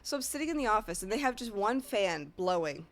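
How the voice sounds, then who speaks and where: A woman's voice: medium pitch, big pitch swings, a little fast. A woman with a Northeast American accent, a streamer telling a rambling, profane story in casual chat. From Northeast United States.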